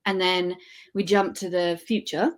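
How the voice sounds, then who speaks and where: A woman in her thirties, co-hosting a podcast, chats about the books she's read with casual enthusiasm, regularly fixing her wording mid-sentence. Her voice is on the low side, her delivery flat and unhurried.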